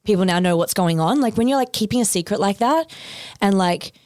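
A woman's voice: mid-range voice, expressive, brisk, a little mellow, no room sound. A woman, a podcast guest chatting casually and filling her talk with "like". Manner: chatty, heavy use of "like". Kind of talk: casual chat.

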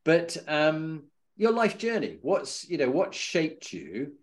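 A man's voice: a little high, wildly swooping pitch, slow. Rambling male interview host. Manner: rambling, hesitant questions. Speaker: podcast host. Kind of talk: conversational interview.

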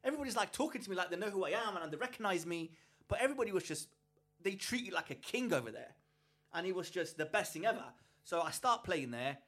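A man from England co-hosting a podcast, telling a story in a lively, animated way and often restarting his sentences. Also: high-pitched, fast. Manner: animated storyteller, acts out quoted people, frequent restarts. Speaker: podcast co-host. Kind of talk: casual chat, storytelling.

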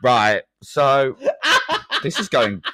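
A man's voice: mid-range voice, lively intonation, extremely slow, a bit bright. A man co-hosting a podcast and running a game, chatting casually with lots of swearing and laughter. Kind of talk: casual chat.

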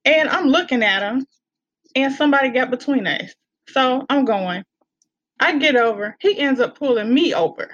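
Animated woman. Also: high voice, normal speed. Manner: animated storyteller, laughs often. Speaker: guest. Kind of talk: casual podcast chat. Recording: dull lo-fi sound.

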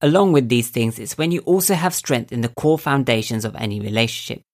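A young man with a voice he calls squeaky and nasal, giving calm, earnest motivational advice to camera as a self-help video host. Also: fairly quick. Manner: calm, earnest, coaching tone with rhetorical questions. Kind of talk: reflective motivational talk to camera.

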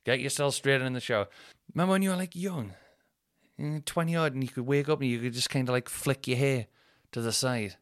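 Thinking aloud on his own casual podcast, this North East England host in his thirties rambles and swears freely. He talks at a medium pitch and a brisk clip, and the studio recording is clean and echo-free.

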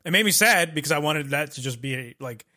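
Male co-host, a bit high, bright, casual and profane. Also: lively intonation, brisk. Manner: frequent agreeing murmurs, loose profane talk. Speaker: podcast co-host. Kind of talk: casual chat.

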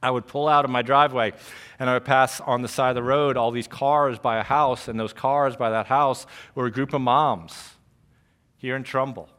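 A middle-aged male pastor from New York, preaching a sermon as a story, dropping to a hush and then rising loud again. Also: mid-range voice, steady tone, normal speed.

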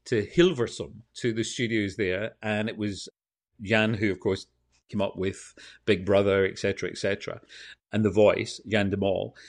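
A Scottish man from Scotland with a Scottish accent, a TV presenter telling animated anecdotes in a casual interview. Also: lowish voice. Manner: animated anecdotes, quotes others. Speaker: TV and radio presenter, guest.

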